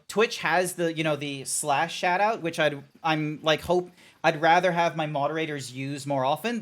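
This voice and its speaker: A man streaming live, chatting casually in a rambling, joking way and trailing off mid-sentence. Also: on the high side. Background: faint background music.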